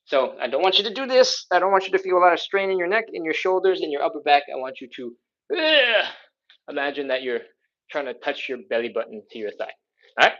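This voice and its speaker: A man's voice: on the high side, fast talker, a bit bright. Upbeat male stretching coach, lo-fi sound. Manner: coaching, upbeat, repeats "all right?". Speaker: fitness instructor. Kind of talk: live stretching class instruction.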